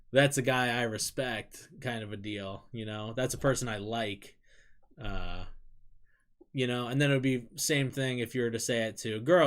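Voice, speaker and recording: An adult with an American accent chats casually on a live stream, candid and rambling, swearing freely and laughing often while reading the chat. The voice is medium in pitch.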